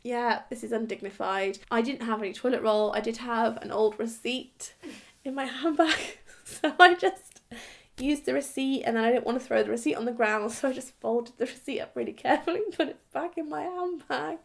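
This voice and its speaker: A woman's voice: on the high side, moderate pace, vocal fry. A young adult woman vlogger from England telling a story to camera in a casual, giggly, self-mocking way.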